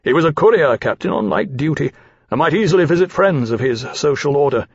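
A grave, formal captain, as an audiobook narrator plays him, measured and dry in his speech. The husky voice sits on a dry, slightly dull recording. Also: a little high, animated, dry recording. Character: grave male naval-minded aviator captain, dry and measured.

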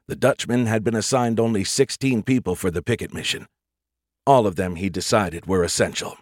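In clean studio audio without echo, a low-voiced man reads an audiobook aloud. His delivery stays steady and measured throughout.

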